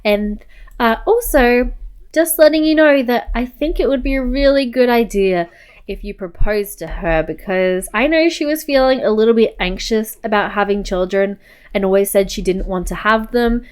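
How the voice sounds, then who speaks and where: A woman voicing a caring middle-aged mother in a life-sim game, giving earnest, gentle advice. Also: a little high, normal speed, smooth, natural voice.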